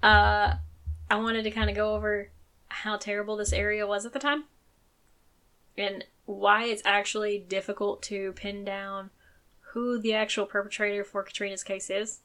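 A woman's voice: mid-range voice, little pitch movement, normal speed, a bit bright. A woman hosting a true crime podcast in casual chat, swearing freely and turning firm and emphatic when she gets angry. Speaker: podcast host.

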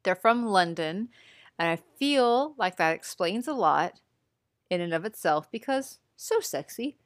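A woman's voice: mid-range voice, expressive, dry recording. Chatty woman podcast host, dry sound. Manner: chatty, self-mocking, quick asides. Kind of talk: casual chat.

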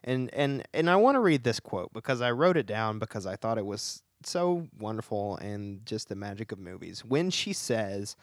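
A man's voice: lowish voice, sing-song, moderate pace, few pauses, no room sound, studio quality. A man from Tennessee in casual conversation about a movie, enthusiastic and often laughing as he talks. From Chattanooga, Tennessee.

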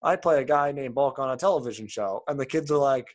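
A man's voice: mid-range voice, fast. A man co-hosting a casual podcast chat, who laughs often and acts out the lines he retells in goofy voices. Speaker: podcast co-host. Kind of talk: casual chat reviewing old TV ads.

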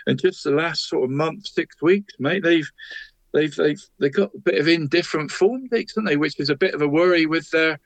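A man's voice: fairly high pitch, a little fast, dry recording. Chatty man reading football results. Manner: chatty, calls his co-host "mate" constantly. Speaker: co-host of a local football podcast. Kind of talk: casual results round-up. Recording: dry, dull lo-fi sound.

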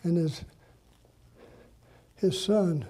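Older man, pastor, folksy storytelling sermon, husky voice pitched high. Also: mellow. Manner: folksy, drawn-out preaching with dramatic pauses.

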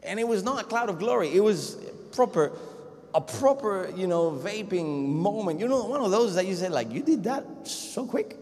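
A man preaching a sermon in a casual, conversational way, telling a story and swinging between loud bursts and hushed, near-whispered passages. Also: sits high, lively intonation, normal speed. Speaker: pastor. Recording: long echo of a large hall.

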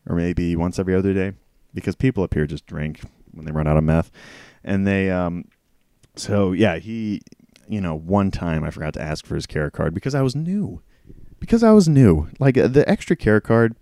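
A man's voice: deep voice, dark tone, clear, resonant tone, no room sound, studio quality. A man telling a work story from his time as a store clerk, in a casual, profane, exasperated storytime rant that rambles along.

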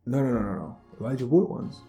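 Relaxed man teasing in podcast chat. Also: mid-range voice, quick pace, soft background music. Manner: relaxed, teasing, trailing filler words. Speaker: podcast co-host. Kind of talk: casual comedy chat.

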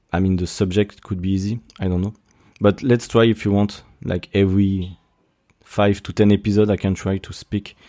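Young French-accented podcast host, low pitch, halting casual delivery. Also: male voice, warm tone. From Brittany, France. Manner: hesitant, many restarts and fillers. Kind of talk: casual solo podcast monologue.

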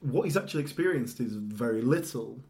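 A British speaker in casual film talk, even and mid-pitched. They pick apart the story thoughtfully and laugh easily along with their co-host. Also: fairly quick. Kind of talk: casual film review chat.

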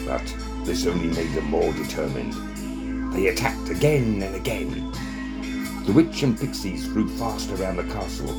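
A man narrating a children's story in an expressive, dramatic manner. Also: low voice.

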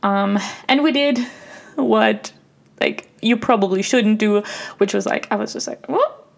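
A young woman hosts her own podcast, reflecting softly in a personal monologue with many fillers like "like." Her mid-range voice is gravelly and her pace measured.

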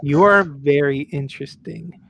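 A man voicing a smooth-talking male artist who gushes flattery at everyone he meets. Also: a little high, moderate pace, a little hiss or hum. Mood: flattering. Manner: gushing, flattering.

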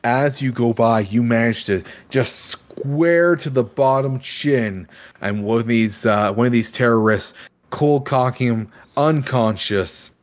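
Casting: male game master, playful scene narration, mid pitch. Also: slow. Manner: playful, describing action scenes.

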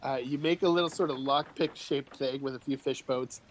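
A man narrates a tabletop game as its game master. His voice sits in an ordinary middle pitch, and he describes each scene with easy, relaxed humor, calling for rolls between descriptions. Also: normal speed, slight background noise, low-quality recording.

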